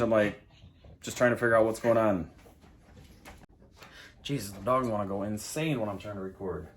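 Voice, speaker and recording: A man's voice: lowish voice, normal speed, pauses often. A man vlogging from home, telling a long casual story, rambling and full of "I'm like" and "you know". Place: home, dogs in the background.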